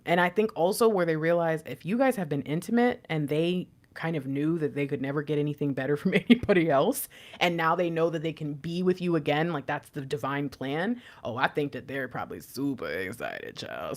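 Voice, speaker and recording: A woman reads tarot cards in a casual, chatty way. Her pitch swings widely as she talks, and she slips into slangy, joking asides and frequent laughter. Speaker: tarot reader.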